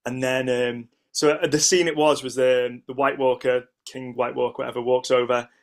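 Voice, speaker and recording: Speaking at normal speed with a voice of ordinary pitch, this middle-aged English ice sculptor is a guest on a podcast. His animated, casual stories wander, his sentences restart often, and he impersonates the people he quotes.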